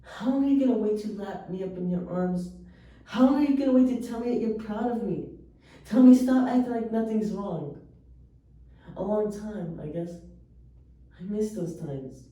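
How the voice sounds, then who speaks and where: A woman giving an earnest, emotional poetry recitation with slow pauses. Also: mid-range voice, warm tone, lo-fi sound. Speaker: poetry reader. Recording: echoey room, voice far from mic.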